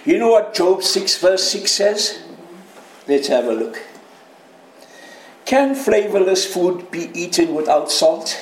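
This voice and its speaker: High-voiced preaching man, echoey church. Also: takes it slowly, pauses often, slight background noise. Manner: lively preaching, mimics shouting voices. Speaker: pastor. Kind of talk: sermon. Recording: echoey room.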